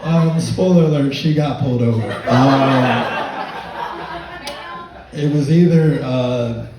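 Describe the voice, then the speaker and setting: A man's voice: medium pitch, slow pace, heavy background noise. A man telling a stand-up comedy story, rambling with fillers and laughing through his lines. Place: comedy club stage with audience laughter. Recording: echoey room, mic far off.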